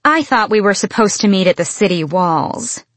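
A woman's voice: mid-range voice, animated, normal speed, dry recording, lightly acted. A woman voicing a wry, guarded young fae woman who talks in a teasing drawl. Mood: falsely pleasant.

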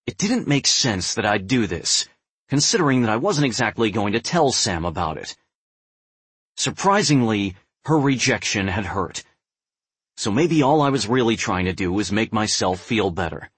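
A young adult man narrating a first-person novel in a measured, brooding way. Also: on the low side, big pitch swings, a bit bright, husky, dry recording. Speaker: audiobook narrator.

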